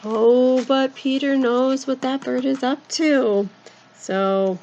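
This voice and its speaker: A woman narrating a story for children in a playful, animated way, coaxing her young listeners to join in. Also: high voice, slow, a little hiss or hum, rough recording.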